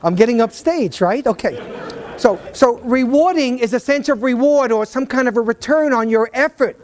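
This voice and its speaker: High-voiced man telling stories on stage. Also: normal speed, a faint crowd, a little hiss or hum. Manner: animated storyteller with repeated stammers. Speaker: keynote speaker. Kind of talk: motivational talk to a live audience. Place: event stage.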